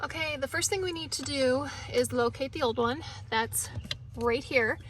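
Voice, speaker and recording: A woman's voice: high voice, moderate pace, slight background noise. A woman talking viewers through a repair in her pickup truck in a casual how-to vlog, chatty and emotional. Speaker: DIY vlogger.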